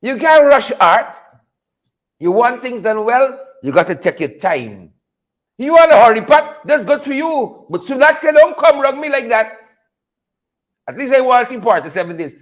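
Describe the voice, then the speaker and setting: Very high-voiced Guyanese man riffing. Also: very animated, moderate pace. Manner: repetitive, chuckling, calls out viewers by name. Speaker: host of a political commentary show. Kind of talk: casual live commentary reading viewer names.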